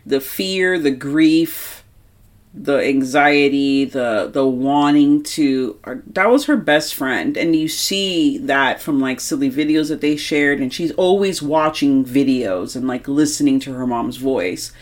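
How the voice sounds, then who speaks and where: A woman's voice: extremely low pitch, slow. A young woman co-hosting a horror movie podcast, talking emphatically and swearing a lot in casual chat. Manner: animated, heavy swearing, emphatic. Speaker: podcast co-host.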